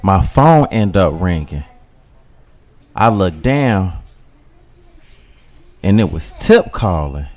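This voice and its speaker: A man's voice: low-pitched, very animated, takes it slowly, long pauses, a little mellow. A man narrating a first-person dramatic skit in a casual, slangy way. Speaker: storyteller.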